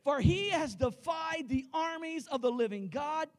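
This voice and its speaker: A man's voice: very high voice, lively intonation, a little slow. A pastor preaching a sermon in a church, emphatic and rallying his congregation directly. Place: church sanctuary.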